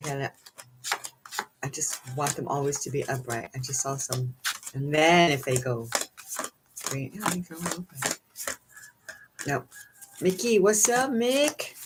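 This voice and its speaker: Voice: medium pitch, steady tone, a little slow, pauses often, noisy background. Giggly rambling card reader. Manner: rambling and giggly, many fillers. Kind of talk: casual oracle card reading chat.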